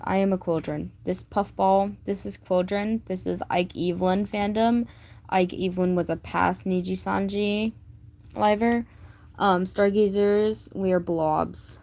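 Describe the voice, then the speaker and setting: Gushing like a fan, a woman vlogger rambles about her sketchbook with lots of fillers in a casual chat. Her voice is lowish and darkish in tone.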